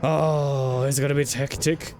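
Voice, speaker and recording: A man's voice: mid-range voice, little pitch movement, measured pace. A man streaming a game in casual commentary, chatty, swearing and joking while talking to his chat.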